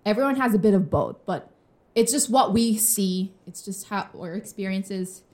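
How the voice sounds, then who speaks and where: A young woman co-hosts a podcast in a room with a glass wall, chatting casually, candidly, and with lots of fillers and laughter. Her voice is mid-range and a little mellow, at a normal speed.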